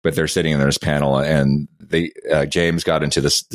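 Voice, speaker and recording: A man's voice: rumbling low, flat delivery, moderate pace, no echo, clean studio sound. A man co-hosting a podcast, rambling casually about comics and laughing often. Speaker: podcast co-host.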